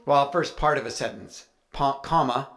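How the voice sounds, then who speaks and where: A man's voice: medium pitch, normal speed, a bit bright. A man, an author, telling a chatty, anecdotal story with playful humor to a live audience. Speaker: author speaking at a writers' event.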